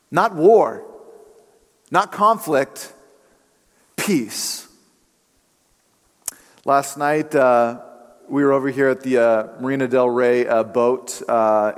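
A man preaching in a church, his voice fairly high for a man. He moves between calm teaching and casual storytelling, loose with fillers. A long reverb from the hall trails each phrase. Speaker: pastor. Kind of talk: sermon.

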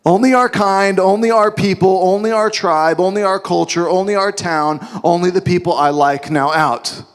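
Impatient, scornful male disciples who grumble and dismiss, as a preacher puts them on. They sound snippy and pitched high. A long reverb trails behind the voice. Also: normal speed, smooth, natural voice.

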